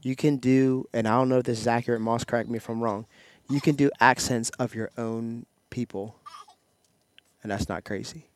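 A young man co-hosting a casual podcast, joking and playful and slipping into quick impressions, talking into a headset mic. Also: medium pitch, fairly even intonation. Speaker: podcast co-host. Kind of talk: casual chat.

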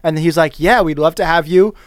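A man's voice: fairly high pitch, a little fast, clear, resonant tone, no echo, clean studio sound. A young man in casual chat who checks the facts and repeats himself. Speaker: podcast co-host.

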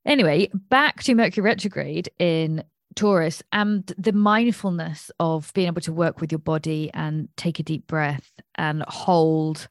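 A British woman hosting a casual astrology livestream, talking her thoughts through as they come and drifting from point to point. Her voice sits fairly low for a woman, and the sound is close and dry, with no room around it. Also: no room sound. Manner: rambling, thinking aloud. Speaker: astrologer host.

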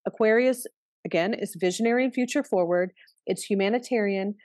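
A middle-aged woman astrologer talks in a candid, loose conversational way and swears casually. The voice sits at an ordinary pitch, and the recording is dry and close with little room sound. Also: brisk, darkish tone, no room sound. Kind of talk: casual spoken astrology talk.

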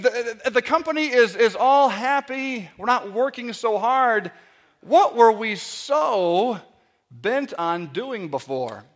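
A man preaching a sermon, telling a parable with lively storytelling and frequent stammered repeats. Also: very high voice.

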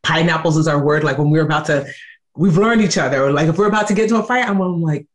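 Animated woman telling stories. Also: fast. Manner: animated storyteller, acting out quoted voices with big pitch jumps. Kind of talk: casual conversation.

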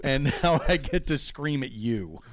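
Man, podcast co-host, animated and giggly. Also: mid-range voice, measured pace, no echo. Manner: laughs often, animated. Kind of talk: casual chat.

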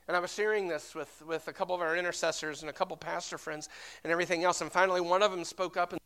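Impassioned male pastor with a bright voice. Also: high-pitched, fast talker, smooth. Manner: impassioned, rising to loud emphatic peaks, asks congregation for amens; storytelling with repeated restarts. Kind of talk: sermon.

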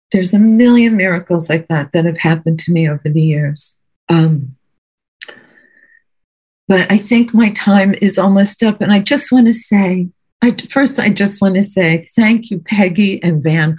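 A woman's voice: mid-range voice, a little mellow, slightly rough. A middle-aged woman giving an earnest, conversational recovery talk over a video call, often repeating words for emphasis. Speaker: guest speaker at a recovery meeting. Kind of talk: personal recovery testimony.

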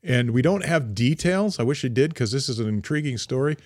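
A man's voice: mid-range voice, lively intonation, fairly quick, no echo. Dry-voiced man rambling through history. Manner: rambling, many fillers and restarts. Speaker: podcast co-host. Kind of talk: casual history chat.

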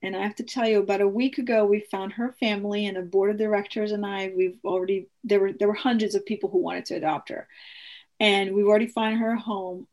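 A woman telling a personal story in an earnest, animated way, acting out the dialogue with frequent restarts. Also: medium pitch, fast.

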